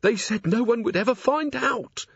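A man's voice: very high-pitched, lively intonation, normal speed, creaky, a bit bright, slightly rough, no room sound, highs cut off, pitched above the performer's own voice, heavily acted. A man voicing a nervous, blunt-witted candle maker who whines and pleads in a wheedling tone. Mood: pleading.

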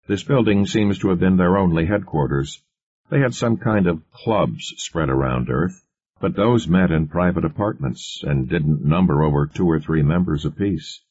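A man's voice: low voice, a little mellow, pitched above the performer's own voice. A man voicing a male construction foreman who reports in a plain, businesslike way. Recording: muffled lo-fi recording.

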